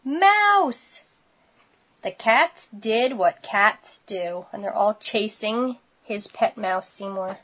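Slow, gentle woman reading a children's story. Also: medium pitch. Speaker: storybook reader. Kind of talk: children's story read-aloud.

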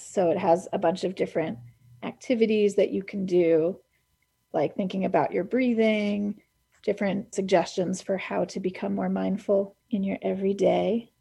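Husky, gravelly-voiced woman radio host. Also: mid-range voice, dark tone. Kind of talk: casual book chat on radio.

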